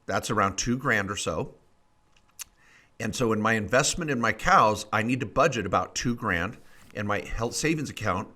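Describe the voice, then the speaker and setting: A man co-hosting a podcast, telling stories and joking in a casual, animated way. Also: on the low side. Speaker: podcast co-host.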